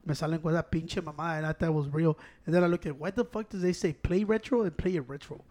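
Dude, talks real fast, animated, cussing and switching languages. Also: a little high. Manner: animated, mixes Spanish into English, heavy swearing. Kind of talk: casual storytelling chat. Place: Chicago.

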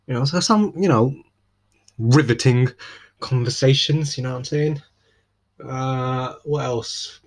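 A man's voice: medium pitch, takes it slowly, pauses often. A young man with an East London accent hosting a solo podcast, rambling casually with slang and frequent restarts. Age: young adult. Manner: rambling, self-interrupting, laid-back slang. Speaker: podcast host.

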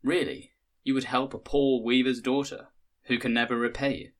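A man's voice: mid-range voice, steady tone, moderate pace, voice pushed up, lightly acted. A man voicing a young weaver's daughter who waits for her lost sweetheart, speaking in a wistful, earnest way.

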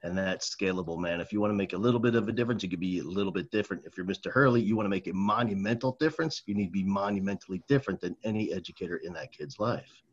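A man from New Jersey, an educator, telling stories in a casual conversation, animated and repeating words, often saying man and dude. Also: low-pitched, rapid-fire, hardly any pauses, husky, lo-fi sound. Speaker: educator, guest.

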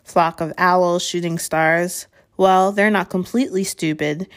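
A woman's voice: fairly low pitch, steady tone, measured pace, natural voice. A woman reading aloud, voicing a stern, impatient middle-aged female professor in a storybook. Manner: clipped, impatient.

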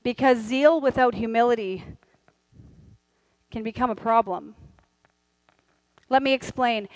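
A middle-aged woman preaching a sermon from a church stage, candid and humorous, with quieter earnest stretches. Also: a little high, a little slow, dry recording, rough recording. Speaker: pastor.

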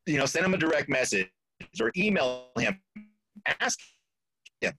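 A man speaking as a podcast guest, telling a story in an animated way, acting out quoted voices and laughing often. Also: a little high, normal speed, poor audio. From Florida.

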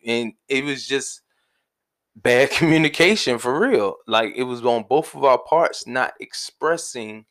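A man co-hosting a casual conversational podcast, talking in a relaxed, colloquial way. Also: mid-range voice, unhurried. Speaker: podcast co-host.

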